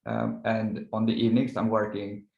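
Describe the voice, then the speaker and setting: A man in his thirties speaks over a video call in a fairly low voice. He answers in a halting, thoughtful way and searches for his words. His audio carries a roomy echo. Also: vocal fry, a little mellow, muffled recording. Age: 30s. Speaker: startup co-founder and guest. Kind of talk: casual interview chat. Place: indoors in the evening.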